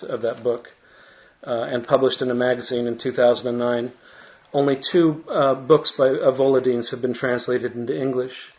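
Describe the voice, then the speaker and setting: Hesitant academic man, slightly dull audio. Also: mid-range voice. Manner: academic, hesitant in asides with many restarts. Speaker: literary translator giving a talk. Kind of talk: reading a paper with spoken asides.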